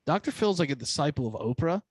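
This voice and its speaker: A man's voice: a little high, animated, fast talker, no room sound. Slangy male podcast co-host. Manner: storytelling, slangy, laughing. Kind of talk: casual chat.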